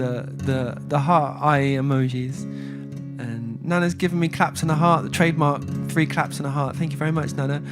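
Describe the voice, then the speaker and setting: A man's voice: fairly high pitch, moderate pace. A man hosting a music livestream, chatting casually and reading viewer comments. He rambles, breaks off and restarts as he tells a story. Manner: rambling, self-interrupting storyteller.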